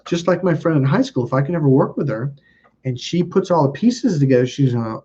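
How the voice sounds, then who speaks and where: A man tells a long, meandering story in a relaxed, chatty way, his voice slightly husky and a touch higher than most men's. When he quotes people he springs into excited, high-pitched exclamations. The audio is dull and lo-fi. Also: a little fast. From California. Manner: animated, acts out quotes with sudden high exclamations. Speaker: channel host. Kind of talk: casual storytelling monologue.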